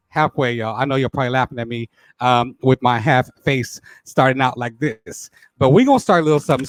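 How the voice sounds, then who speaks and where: A man's voice: a little high, no room sound. A man hosting a live stream talk show, playful and laughing often as he greets viewers by name. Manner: playful, laughs often, says y'all a lot. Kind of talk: live stream chat with shout-outs.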